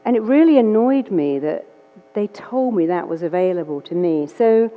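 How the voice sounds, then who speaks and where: A woman's voice: fairly low pitch, normal speed. A woman with an English accent, a therapist telling a story as a speaker and acting out the dialogue in changed voices. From England. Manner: lively, acts out quoted dialogue in changed voices. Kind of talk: storytelling talk. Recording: dull recording in a reverberant hall.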